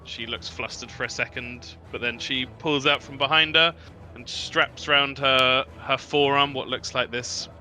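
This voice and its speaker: A man's voice: medium pitch, steady tone, measured pace, pushed and bright, soft background music. A man playing a tabletop game, casually describing what his character does. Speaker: player.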